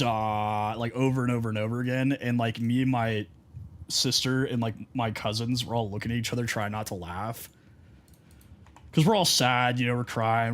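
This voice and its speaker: A man's voice: mid-range voice, normal speed, fairly bright tone. A man streaming a video game, telling stories and greeting viewers in a loose, rambling way, with lots of "like". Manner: rambling storytelling full of "like" and asides to chat. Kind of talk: casual live-stream chat while gaming.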